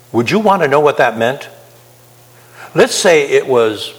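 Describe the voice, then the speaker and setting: Man preaching in a reverberant hall. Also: mid-range voice. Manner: conversational, asks the audience questions. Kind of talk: sermon.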